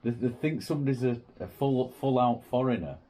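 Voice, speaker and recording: A man's voice: mid-range voice, a little fast, rough recording. Man swearing through a story. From England. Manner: swears freely, animated storytelling. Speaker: podcast co-host. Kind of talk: casual chat.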